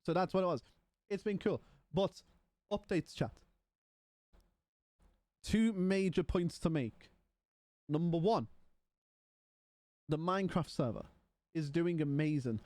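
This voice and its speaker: Male streamer, a touch high-pitched, sleepy and rambling, bone-dry home desk-mic sound. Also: slow, pauses often, warm tone, no room sound. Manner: chatty, rambling, yawning and tired. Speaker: livestreamer. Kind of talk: casual stream chat.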